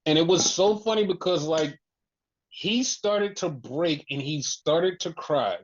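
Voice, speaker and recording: A podcast host retelling a wrestling show in casual chat, animated and full of fillers. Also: medium pitch, measured pace. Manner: animated storytelling, heavy use of "like". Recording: muffled lo-fi audio.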